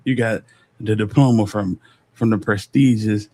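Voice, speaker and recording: A man with a Southern US accent, reacting on a live stream in casual, slang-heavy commentary, animated and exasperated. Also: fairly low pitch, normal speed. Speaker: streamer reacting to a court case.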